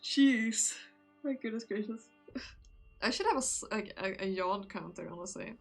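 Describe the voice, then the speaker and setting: A woman's voice: medium pitch, lively intonation, moderate pace, vocal fry, slightly rough, faint music behind. A woman streamer chatting casually with her viewers while reading a game aloud, sleepy and yawning, chatty and giggly. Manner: chatty and giggly, talking to chat. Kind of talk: casual chat while reading a visual novel.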